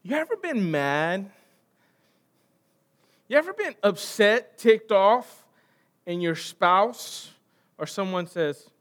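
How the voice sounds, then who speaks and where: An American man preaching a sermon, conversational and asking the congregation questions, swinging from loud emphasis to quiet trailing line endings. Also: high-pitched, sing-song, slow pace, long pauses. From United States. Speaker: pastor.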